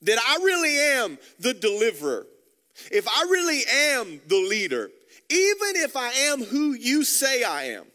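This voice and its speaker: A man's voice: very high voice, pushed and bright, long reverb tail. A man preaching a sermon as a pastor, passionate and repeating words as he builds his points.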